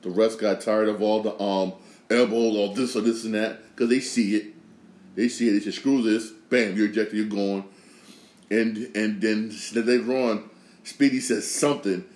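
A man hosts a podcast from an echoey room, sharing opinionated takes on sports and news. His lowish voice is darkish and steady, at a moderate pace, and he's emphatic, circling back to repeat phrases and restart sentences.

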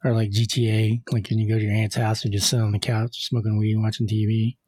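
A man's voice: fairly low pitch, level tone, quick pace, dark tone, husky. A man co-hosting a podcast, chatting casually about a film and adding dry wisecracks. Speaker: podcast co-host. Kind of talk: casual movie chat.

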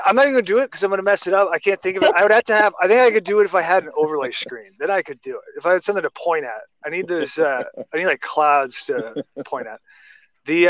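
A man's voice: on the high side, fairly bright tone, dry recording. A man talking casually in a podcast chat, rambling through restarts and tangents. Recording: dry, muffled lo-fi sound.

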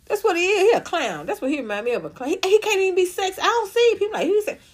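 A woman's voice: very high voice, big pitch swings, very fast. A woman ranting bluntly and sarcastically as she comments on celebrity gossip.

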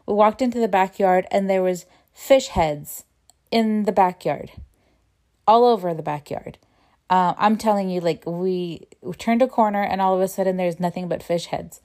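A woman's voice: on the low side, a little mellow. A woman who works as a real estate agent, telling stories in a casual, earnest vlog and acting out the people she quotes.

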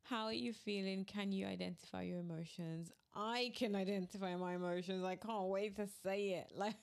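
A woman's voice: mid-range voice, steady tone, normal speed, creaky. A woman in her thirties hosting her own podcast, talking candidly and laughing between phrases while she admits she is irritated. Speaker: podcast host. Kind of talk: casual solo podcast talk.

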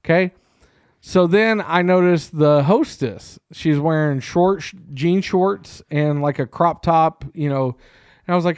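Animated profane man telling a story. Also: fairly high pitch, unhurried, smooth, no room sound, studio quality. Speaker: podcast co-host. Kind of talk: casual storytelling chat. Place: small room.

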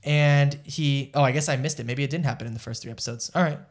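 A man co-hosting a casual anime podcast, retelling plot at length. He rambles with frequent "like" and "um" and drifts into asides. His pitch sits mid-range. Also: steady tone, fast talker. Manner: rambling, lots of fillers and asides, distracted by live chat. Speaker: podcast co-host. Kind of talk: casual chat reviewing anime.

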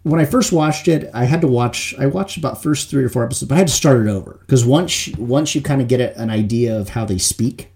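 A man co-hosting a podcast in casual chat, telling stories in an animated way and laughing often, speaking close to a desk microphone. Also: mid-range voice, brisk, vocal fry, few pauses. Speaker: podcast co-host. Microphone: desk mic without boom, close to face.

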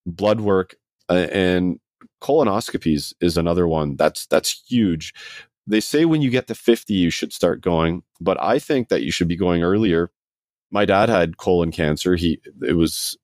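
A man's voice: deep voice, darkish tone, dry recording, clean studio sound. A man hosting a casual conversation, friendly and joking, often stumbling over his words.

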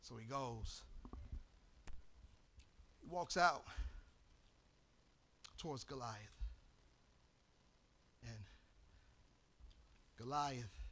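A man from Chicago preaching a sermon as pastor. He tells a story and then builds into shouted, half-sung preaching. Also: medium pitch, extremely slow, long pauses. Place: church sanctuary.

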